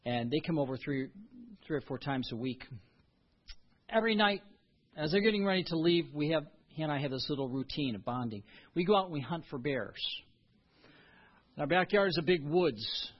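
A man's voice: on the high side, expressive, normal speed, long pauses, slightly rough, lo-fi sound. A man preaching a sermon as a pastor, earnest and emphatic.

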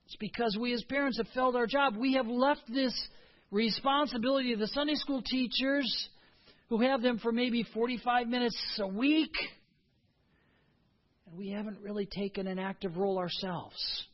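A man's voice: very high voice, normal speed, muffled recording. A man preaching a sermon as a pastor, earnest and emphatic.

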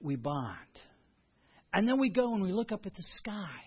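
A man's voice: sits high, big pitch swings, normal speed, slightly rough, muffled recording. A man preaching a sermon as a pastor, earnest and emphatic.

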